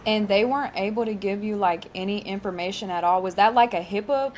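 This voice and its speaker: Woman host, mid pitch, chatty and curious, asks lots of questions. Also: brisk, background noise. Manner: friendly, curious, with casual filler likes. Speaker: podcast host. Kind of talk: casual interview chat.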